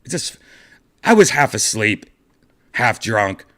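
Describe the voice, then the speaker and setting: Low-voiced man telling a rambling story. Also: sing-song, takes it slowly, a bit bright. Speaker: podcast host. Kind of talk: casual storytelling vlog.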